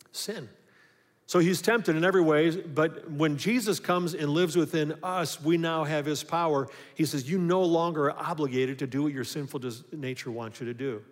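A pastor giving a sermon, telling a personal story and building to emphatic points. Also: male voice, medium pitch. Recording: long hall reverb.

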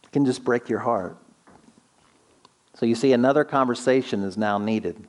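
A man preaching a sermon, earnest, asking the listener questions and slowing down to stress key words. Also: medium pitch, a little mellow. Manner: earnest, slows down for emphasis, asks rhetorical questions. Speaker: pastor.

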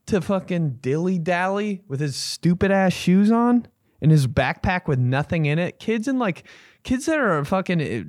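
A young man, telling a comic story on a podcast in an animated, swearing rant. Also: a little high, no room sound, clean studio sound. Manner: animated storytelling, swears a lot, bursts into yelled impressions. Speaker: podcast host. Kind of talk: casual comedic podcast rant.

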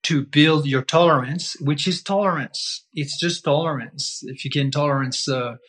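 A man's voice: on the high side, moderate pace, fairly bright tone. Emphatic man explaining with rhetorical questions. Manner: emphatic, repetitive, asks himself rhetorical questions. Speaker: guest breath-holding teacher. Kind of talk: explaining in conversation.

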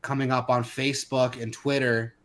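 A man's voice: medium pitch, level tone, moderate pace, a bit bright, a little hiss or hum. Heated man ranting. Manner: heated, ranting with frequent restarts and fillers. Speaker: podcast co-host. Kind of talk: casual opinionated chat.

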